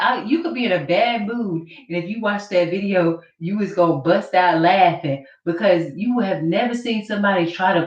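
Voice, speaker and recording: A woman vlogger ranting to camera in an accusatory, mocking way, repeating her points. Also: mid-range voice. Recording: roomy, distant, dull camera audio.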